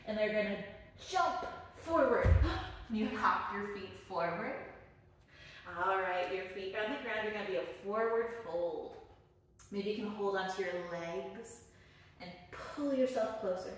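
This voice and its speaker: A woman teaching a children's yoga class, giving gentle, encouraging and playful instructions. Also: mid-range voice. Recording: very echoey room, voice from a distance, faint noise.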